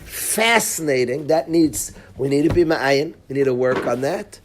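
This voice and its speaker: Animated, high-voiced rabbi giving a Torah lecture. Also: male voice, measured pace, noisy background. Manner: animated storytelling, mixing in Hebrew and Yiddish terms. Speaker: rabbi, yeshiva head.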